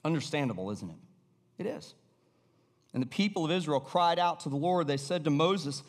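A man's voice: on the high side, animated, normal speed. A middle-aged American man preaching a sermon in a loose, conversational way, often restarting and sometimes dropping to a near-whisper. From United States. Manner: conversational, with repeated restarts and sudden drops to a hush. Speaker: pastor. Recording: long hall reverb.

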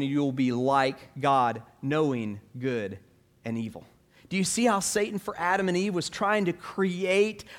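Man preaching a sermon to a congregation. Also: on the high side. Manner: reads scripture aloud, asks the congregation rhetorical questions. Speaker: pastor.

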